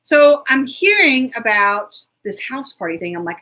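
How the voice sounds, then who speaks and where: A woman hosting a casual live chat, telling a story in a chatty, animated way and answering viewers. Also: high voice, normal speed, few pauses. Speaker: show host.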